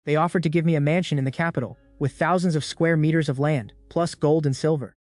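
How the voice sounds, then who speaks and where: A man's voice: a little high, fairly even intonation, quick pace, darkish tone, no room sound, close to an everyday voice. Een man die voorleest als een kille jonge edelman. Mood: cool, dismissive. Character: cold, proud young noble man.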